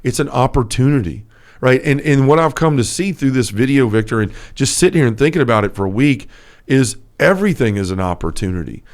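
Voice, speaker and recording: A man co-hosting a casual faith podcast, telling stories earnestly with lots of fillers. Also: medium pitch. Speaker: podcast co-host.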